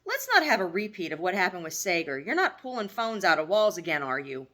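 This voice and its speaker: A woman's voice: fairly low pitch, sing-song, a little fast, sharp tone. A woman voicing a middle-aged mother who frets and scolds in a fussy, motherly way. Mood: worried.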